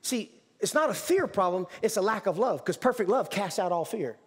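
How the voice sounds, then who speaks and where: A male pastor preaching in a church sanctuary, his voice high and animated. He talks emphatically, repeating and restarting phrases. A long hall reverb trails behind each line. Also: normal speed, husky. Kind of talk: sermon.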